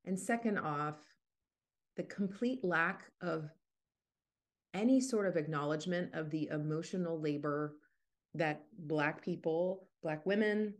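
A woman's voice: deep voice, measured pace. A woman hosting a podcast, talking things through in a thoughtful, unscripted way with frequent restarts. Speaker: podcast host. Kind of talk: casual podcast monologue.

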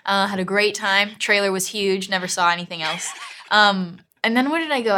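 A woman's voice: medium pitch, fairly even intonation, normal speed, fairly bright tone. A young woman with an American accent, from Miami, chatting as a guest in an interview with a giggly, rambling manner. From Miami, Florida. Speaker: actress guest. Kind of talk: casual interview chat.

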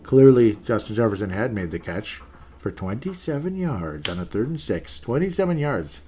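A man giving a casual fan rant about his team, exasperated and sarcastic, swinging between loud outbursts and low muttering. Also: sing-song, moderate pace, a little hiss or hum. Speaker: sports fan commentator.

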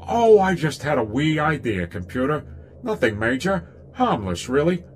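A man's voice: on the high side, normal speed, a little hiss or hum. A man playing a sardonic starship captain. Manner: sarcastic, calmly menacing. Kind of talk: comedy audio drama.

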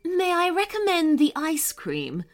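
A woman voicing a kindly, mysterious snow witch in a warm, confiding storybook manner. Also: very high voice, wildly swooping pitch, measured pace, pitched above the performer's own voice, heavily acted.

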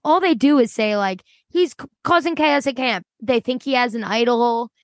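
A woman with a fairly high voice chats about a reality show in loose, emphatic slang. The recording is dry and close, with no room echo. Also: normal speed. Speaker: podcast co-host. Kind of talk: casual reality TV recap chat.

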